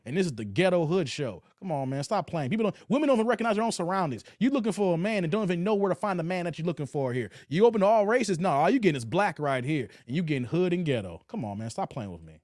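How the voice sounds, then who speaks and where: A man's voice: high voice, a little mellow, no echo. Joking man reacting to a clip, dry sound. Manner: loose, joking, laughs often. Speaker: commentary show host. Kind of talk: reaction commentary reading live chat.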